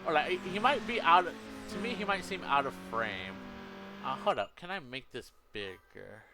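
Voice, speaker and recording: This streamer's voice is fairly high-pitched, with lively intonation and a normal speed, heard over music. He chats loosely with his viewers through a headset, frequently correcting himself, while racing game engine audio plays loudly beneath him.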